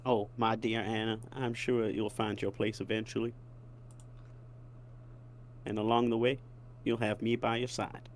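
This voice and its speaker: A man's voice: fairly low pitch, little pitch movement, measured pace, long pauses, a little hiss or hum, natural voice. A man doing a courtly Southern chicken tycoon. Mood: evasive. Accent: put-on American Southern. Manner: courtly, old-fashioned phrasing. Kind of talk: voice acting a dating game character.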